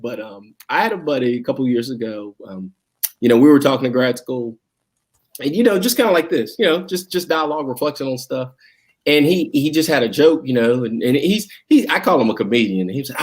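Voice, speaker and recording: A man's voice: medium pitch, lively intonation, brisk, breathy edge. A man from Southwest Virginia with its country accent, talking casually as a guest in an interview, rambling with lots of fillers and restarts. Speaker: guest, school district director.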